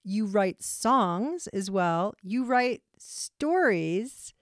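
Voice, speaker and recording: A woman's voice: medium pitch, expressive, extremely slow, no echo. A woman hosting a radio program from her own studio, asking questions in an enthusiastic, exclaiming way. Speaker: radio show host. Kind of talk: lively radio interview hosting.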